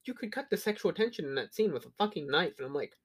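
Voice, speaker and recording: A young man with a fairly high voice and a lively, swooping pitch, in casual crude podcast banter. He tells stories with energy and swears freely. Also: fast talker, breathy edge. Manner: animated storyteller, swears a lot. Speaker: podcast co-host.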